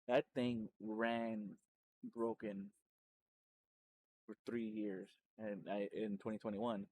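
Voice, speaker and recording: A man, a streamer and podcast host, telling his story in a loose, rambling way, full of restarts and self-corrections, and getting animated when he retells exciting moments. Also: fairly low pitch, slow. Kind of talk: casual personal storytelling.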